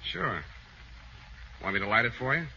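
A man playing a weary radio actor in a 1940s radio comedy, telling his story with dry, deadpan hesitations. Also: mid-range voice, moderate pace, vocal fry. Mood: wry. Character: wry, tired man who plays a radio detective. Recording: dull old 1940s radio broadcast with faint hiss.

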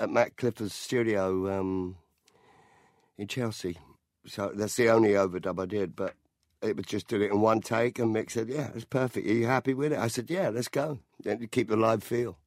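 A musician in an interview, telling an anecdote about a recording session in a loose, rambling way. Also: male voice, fairly low pitch, moderate pace, no room sound, clean studio sound. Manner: relaxed, rambling storytelling with fillers and restarts.

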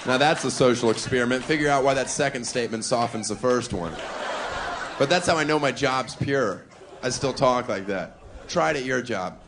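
A man's voice: mid-range voice, moderate pace. A man doing a stand-up comedy set on stage, with a brash, mocking delivery. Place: stage before a live audience. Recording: live club recording with crowd noise. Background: audience laughter.

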